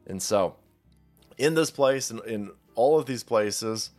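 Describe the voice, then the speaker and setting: A man's voice: medium pitch, lively intonation, slow, a little mellow, soft background music. A man hosting a political commentary channel, ranting in a profane, sarcastic, mocking way.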